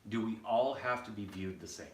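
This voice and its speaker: A man with a lowish voice talks briskly as a podcast co-host, keeping things casual, blunt and opinionated while swearing freely. The mic is distant, with roomy echo and faint background noise.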